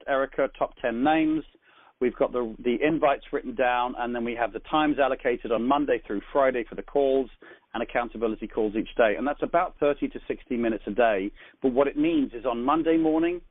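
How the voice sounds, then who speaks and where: An upbeat English man hosts a coaching call, speaking in a plain, mid-pitched voice. He rambles a little, with fillers and friendly asides. The sound is dry and narrow, like a phone line. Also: dry recording. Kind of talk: conference-call coaching talk.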